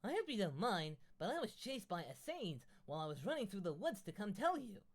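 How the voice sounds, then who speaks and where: A man voicing an excitable young woman who screams her lines. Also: brisk, full character voice. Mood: frantic. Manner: high, screaming.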